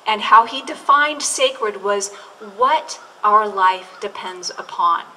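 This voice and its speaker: A woman's voice: medium pitch, animated, takes it slowly, bright, forceful tone, slight background noise. A woman pastor delivering a sermon, preaching in an earnest way and drawing out key words for emphasis. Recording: distant mic with faint room ambience.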